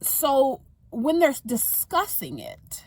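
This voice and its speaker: Animated young woman ranting, dry close sound. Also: sits high, no room sound. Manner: animated, exasperated ranting with quick asides. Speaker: vlogger. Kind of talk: casual ranting monologue to camera.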